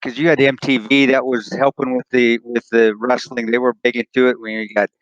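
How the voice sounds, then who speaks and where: A man's voice: medium pitch, level tone, brisk, no room sound, muffled recording. A man hosting a podcast, casually reminiscing in easygoing chat. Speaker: podcast host.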